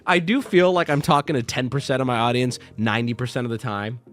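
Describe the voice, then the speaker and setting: A man hosting a live stream, telling a story to his chat in a casual, exasperated, animated way with frequent restarts. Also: medium pitch, fast talker, soft background music. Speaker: streamer and host.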